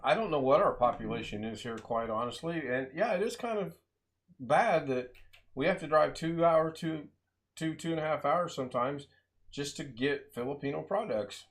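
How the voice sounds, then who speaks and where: A man's voice: fairly high pitch, lively intonation, normal speed. A man hosting a casual live stream, chatting loosely with guests, laughing often and rambling through asides. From United States.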